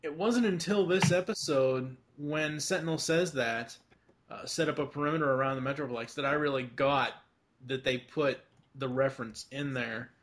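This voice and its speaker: A podcast co-host chats casually about a cartoon, rambling with lots of fillers, restarts, and the odd swear. He has a mid-range, fairly bright voice at normal speed.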